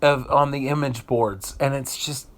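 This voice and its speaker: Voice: medium pitch, steady tone, a little slow, a bit bright. A vlogger from the United States giving an emotional, unscripted rant, indignant and swearing freely, often repeating phrases while searching for words.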